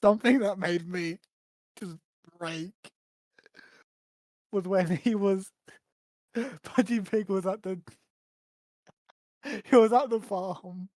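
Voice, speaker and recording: A man's voice: sits high, slow, pauses often, a little mellow, dry recording. A man co-hosting a podcast, chatting casually with short remarks and agreement. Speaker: podcast co-host. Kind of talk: casual chat.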